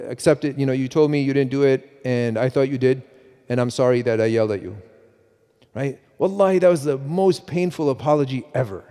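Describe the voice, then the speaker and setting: A middle-aged man giving a mosque talk on parenting, animated, with many restarts and repeats, often quoting himself. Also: fairly high pitch. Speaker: preacher. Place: mosque hall. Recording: long hall reverb.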